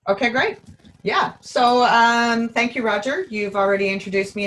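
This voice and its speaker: A woman guest in a casual interview, upbeat and chatty, her voice a little hoarse. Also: a little high, normal speed, a bit bright, poor audio. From Canada. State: slightly hoarse. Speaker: guest presenter, bookkeeper.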